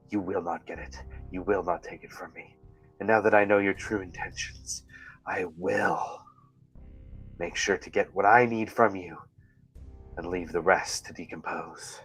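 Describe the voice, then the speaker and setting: A man's voice: sits low, fairly bright tone, breathy edge, heavily acted, rough recording. A man voicing an ancient, vengeful flesh monster that speaks into minds, in menacing whispered role-play. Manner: menacing, threatening.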